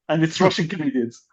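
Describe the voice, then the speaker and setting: A man's voice: fairly high pitch, slightly rough. A man co-hosting a podcast in casual chat, rambling with many restarts and fillers. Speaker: podcast co-host, comedian. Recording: dull lo-fi sound.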